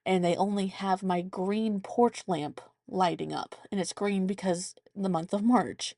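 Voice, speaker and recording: A woman's voice: medium pitch, steady tone, unhurried, warm tone, dry recording, studio quality. A woman in her thirties hosting a podcast, telling a family story in a chatty, rambling way, thinking aloud as she goes. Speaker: podcast host. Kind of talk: casual storytelling monologue.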